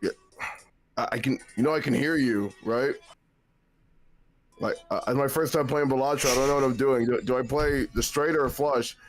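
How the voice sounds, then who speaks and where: A man joking around on a stream, his voice middle-pitched and hesitant, stumbling over words. Faint music plays underneath. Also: normal speed, long pauses. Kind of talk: casual stream chat.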